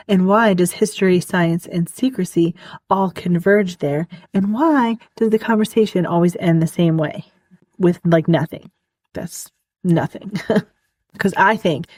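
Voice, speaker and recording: A woman's voice: fairly low pitch, a little mellow, dry recording. Rambling, giggly woman podcaster, dry close mic. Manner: rambling, giggly, many "like" fillers. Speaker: podcast host. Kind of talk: casual solo podcast monologue.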